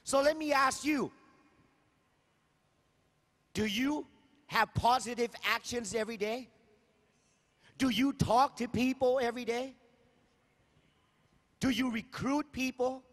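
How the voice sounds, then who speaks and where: High-voiced man giving an emphatic stage speech. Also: unhurried, long pauses, a bit bright. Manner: emphatic, repetitive, rhetorical questions to the crowd. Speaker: speaker at a sales convention. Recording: long hall reverb.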